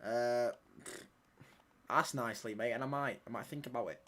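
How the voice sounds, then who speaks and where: A young man hosts a football watchalong stream. His voice is bright and forward as he fires back at chat with casual, slangy banter, forever calling viewers "mate" and "pal". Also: mid-range voice, fairly even intonation, normal speed, a little hiss or hum.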